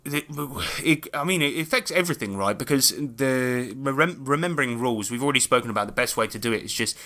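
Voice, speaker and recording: A man with a bright, forceful voice chats on a gaming podcast. He tells stories animatedly, laughing and swearing as he goes. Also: medium pitch, brisk. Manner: animated storyteller, swears freely, laughs often. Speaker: podcast co-host and game master. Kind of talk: casual chat.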